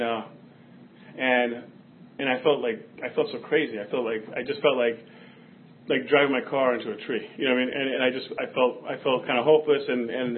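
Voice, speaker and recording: A man telling his personal recovery story in a rambling way, with frequent restarts and asides. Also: medium pitch. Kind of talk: personal testimony. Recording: tinny phone-like sound with faint noise.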